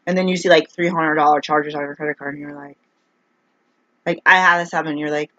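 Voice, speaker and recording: A woman's voice: low voice, fairly even intonation, quick pace, a bit bright, no echo. A woman ranting in a casual vlog, rambling and exasperated as she complains. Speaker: vlogger. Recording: dull, dry lo-fi recording.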